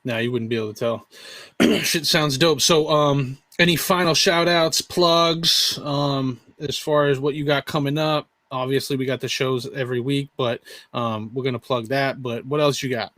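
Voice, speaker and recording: Male podcast host, mid-pitched, laid-back, joking, dry close sound. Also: steady tone, moderate pace, fairly bright tone, no room sound. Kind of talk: casual podcast chat.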